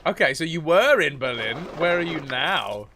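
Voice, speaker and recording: A man's voice: on the high side, lively intonation, moderate pace, background noise. A man casually commenting on a game he is streaming, joking and reading its text aloud.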